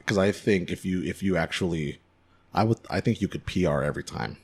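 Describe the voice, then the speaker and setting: Deep, husky-voiced podcast host. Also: male voice, fairly quick. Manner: joking, rambling questions. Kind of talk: casual chat.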